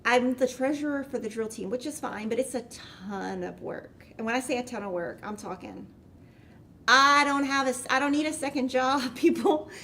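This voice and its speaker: A woman's voice: on the high side, steady tone, moderate pace, pushed and bright, a little hiss or hum. A middle-aged woman, hosting and rambling through a casual story, with lots of "like" along the way. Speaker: host.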